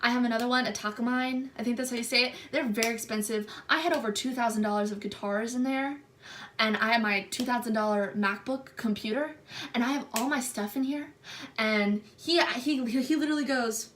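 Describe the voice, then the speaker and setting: A young woman vlogger telling a story to camera, acting out the people in it with animated delivery. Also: fairly high pitch, brisk, a little hiss or hum. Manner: animated retelling, acts out quotes. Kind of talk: storytime vlog.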